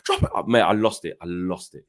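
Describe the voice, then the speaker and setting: A man in a casual fan chat who tells stories in an animated way and acts out his own shouting. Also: low-pitched, fairly quick. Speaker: co-host of a fan channel.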